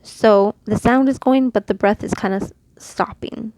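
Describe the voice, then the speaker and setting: A woman from Mexico teaching letters and their sounds in a casual, patient lesson, demonstrating each sound slowly. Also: mid-range voice, a little mellow, no room sound. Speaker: Quran reading teacher.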